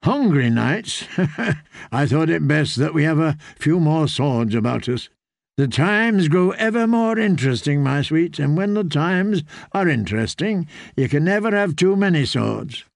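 A man playing a sly, smooth-talking middle-aged lord who speaks with a knowing, silky manner. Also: a little high, expressive, a little slow, dry recording, studio quality.

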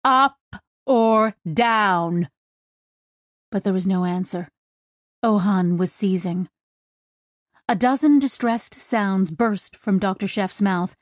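A woman narrates an audiobook in an even, measured storytelling voice at a mid-range pitch. The studio-quality recording has no room sound, and the narration is scripted.

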